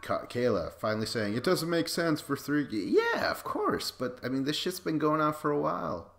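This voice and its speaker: A man's voice: a little high, very animated, moderate pace, vocal fry, fairly bright tone. A man hosting a podcast, giving casual, sarcastic commentary over a video and swearing freely. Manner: sarcastic, profane, frequent laughs.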